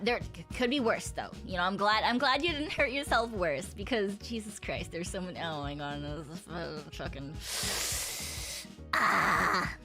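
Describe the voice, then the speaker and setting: A woman's voice: medium pitch, pushed and bright. A young adult woman streamer chatting casually with viewers, rambling, swearing and laughing often. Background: faint music.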